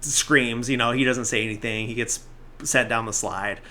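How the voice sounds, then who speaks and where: A man's voice: mid-range voice, fairly even intonation, normal speed, sharp tone. Casual man rambling through a recap. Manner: rambling, filler-heavy retelling with lots of "like"; briefly acts out characters' lines in the retelling. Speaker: podcast host.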